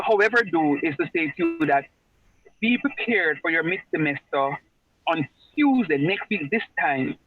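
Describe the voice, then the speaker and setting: A man's voice: fairly high pitch, a bit bright, dry recording. A man, teaching an online class in a chatty way and repeating phrases for emphasis. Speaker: lecturer. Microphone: video call. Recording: muffled video-call audio.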